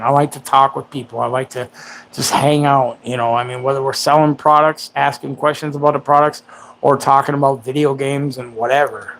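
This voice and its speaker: A man's voice: medium pitch, level tone, a little fast, fairly bright tone, slight background noise. Crude, joking man in his forties. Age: 40s. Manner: crude, joking, self-mocking. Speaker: livestream host. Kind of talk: rambling casual livestream chat.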